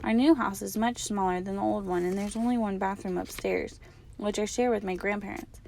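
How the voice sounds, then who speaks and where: A woman teacher reading the first chapter of a children's novel aloud, in a calm, measured way. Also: medium pitch, gravelly, a little hiss or hum.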